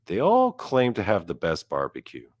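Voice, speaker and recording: Deep-voiced man ranting comically. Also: wildly swooping pitch, normal speed, no echo, studio quality. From South Korea. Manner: profane, mock-boastful, quoting friends in asides. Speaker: comedian. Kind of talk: stand-up storytelling rant.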